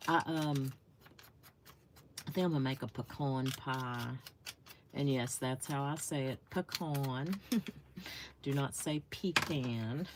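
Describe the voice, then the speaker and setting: A woman's voice: a bass voice, darkish tone, slight background noise. A middle-aged woman chatting casually with viewers while crafting on a livestream, greeting them by name and thinking aloud.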